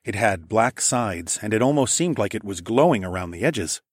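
A low-pitched male voice reads a first-person story in a quiet, intimate tone. The recording is dry and close, with no room sound at all. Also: animated, moderate pace, dry recording. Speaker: audiobook narrator.

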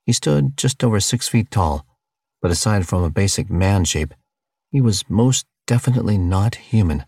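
A man reading a novel aloud as audiobook narrator, in steady, scripted storytelling delivery. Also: on the low side, normal speed, dry recording, clean studio sound.

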